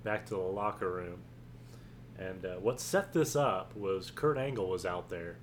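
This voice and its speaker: Male podcast co-host, lowish voice, loose rambling storyteller who laughs often; light background noise. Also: animated, unhurried. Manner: rambling, laughing, retells wrestling news. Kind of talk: casual chat.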